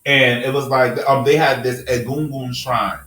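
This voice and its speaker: A man's voice: medium pitch, fairly even intonation, moderate pace, fairly bright tone, roomy sound, recorded from a distance, poor audio. A man hosting a podcast, holding forth in a passionate, profane rant during a casual group discussion. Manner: impassioned, profane, preachy rants. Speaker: podcast host.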